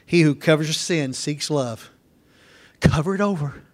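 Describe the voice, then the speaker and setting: A man's voice: a little high, normal speed. A middle-aged man preaching a folksy sermon, acting out family conversations as he goes. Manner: folksy, acts out family dialogue.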